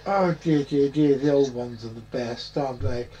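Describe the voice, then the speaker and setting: A man's voice: mid-range voice, moderate pace, mellow, highs cut off. A man hosting a podcast in a rambling, jokey chat full of puns. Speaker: podcast host. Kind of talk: casual chat.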